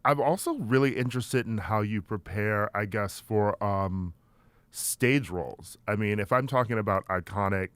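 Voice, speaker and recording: Low-voiced guy co-hosting a podcast, calm and measured, dry mic. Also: no room sound. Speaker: podcast co-host. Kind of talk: interview conversation.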